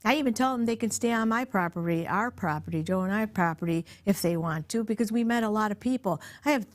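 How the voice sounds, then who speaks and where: Lively storytelling country woman. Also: medium pitch, fast, hardly any pauses. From upstate New York. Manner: animated storyteller, acts out quoted voices, laughs often. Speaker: podcast guest, host's mother. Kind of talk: casual family podcast chat.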